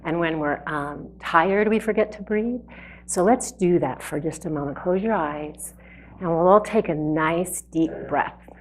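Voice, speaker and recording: A woman speaking to a live audience, guiding them gently through a breathing exercise. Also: fairly low pitch, normal speed. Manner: gentle, guiding, laughing lightly. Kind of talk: talk with guided breathing. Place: indoor event hall before a live audience.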